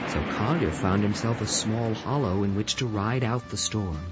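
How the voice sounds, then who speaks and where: A man narrating an audio storybook in an expressive, dramatic manner. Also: on the low side, normal speed, hardly any pauses. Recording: dull lo-fi recording with music.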